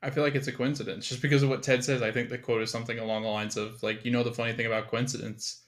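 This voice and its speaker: A man co-hosting a podcast in a casual recap chat, easygoing and soft-spoken, with plenty of "like" fillers. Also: mid-range voice, level tone, very fast. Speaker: podcast co-host.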